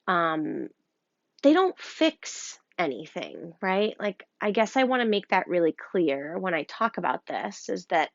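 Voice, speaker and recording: A woman with a Rochester, New York accent, gently guiding a breathing lesson as a yoga teacher. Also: medium pitch, no room sound, highs cut off. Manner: slow, gentle, soothing guidance with fillers.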